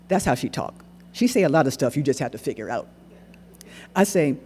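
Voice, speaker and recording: A man performs a dramatic monologue on a stage, telling the story with lively, swooping rises and falls. His voice is dark and husky, and the long reverb of a large hall trails behind it. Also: mid-range voice, a little fast. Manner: animated dialect storytelling. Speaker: solo performer. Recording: echoey hall recording.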